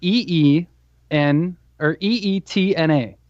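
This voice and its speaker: A man's voice: fairly high pitch, slow, dry recording. Earnest, stumbling man with a dull sound. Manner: earnest, stumbling over words. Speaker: podcast co-host reading fun facts. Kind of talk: casual podcast banter.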